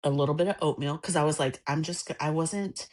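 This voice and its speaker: A woman co-hosting a podcast, talking in an expressive, chatty way. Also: deep voice, fairly quick. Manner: expressive, gasps and laughs, chatty. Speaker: podcast co-host. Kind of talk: casual chat.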